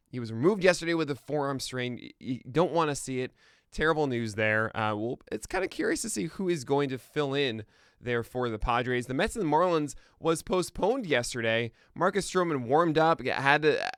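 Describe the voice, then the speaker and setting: Man, podcast host, american, casual and chatty, smooth clear voice, dry close mic. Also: medium pitch, a bit bright, no room sound. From United States. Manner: chatty and self-deprecating, laughs at own jokes. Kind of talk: casual live-stream chat, then news rundown. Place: home studio, streaming live.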